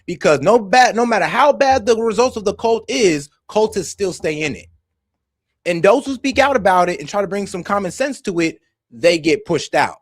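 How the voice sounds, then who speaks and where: A young man hosting a reaction stream, passionate and swearing, swinging between heated outbursts and calming down. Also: high-pitched, normal speed, dry recording, clean studio sound. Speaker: stream host reacting to videos. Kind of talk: heated casual commentary.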